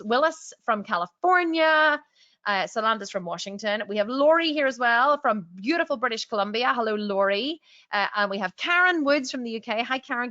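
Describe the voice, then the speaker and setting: A woman's voice: mid-range voice, pushed and bright, no echo, dull audio. A middle-aged woman hosting a live webinar from a small office, chatting upbeat and reading out viewer comments. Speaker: webinar host.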